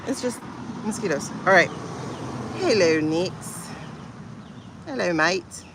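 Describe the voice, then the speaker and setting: A woman's voice: on the low side, animated, slow, long pauses, background noise. A woman hosting a casual livestream, chatting in a rambling, playful way with lots of asides. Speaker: livestream host.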